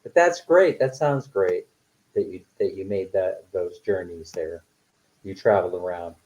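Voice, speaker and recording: A man's voice: deep voice, a little slow, darkish tone, poor audio. A retired man in his sixties, chatting casually on a live stream, reading comments aloud and laughing often between fillers. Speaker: vlogger reading live chat.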